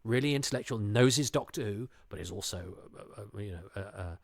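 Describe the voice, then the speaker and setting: A man's voice: on the low side, brisk, dry recording. A man chatting casually as a podcast guest, rambling and restarting his sentences often. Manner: rambling, self-interrupting, frequent restarts. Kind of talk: casual chat.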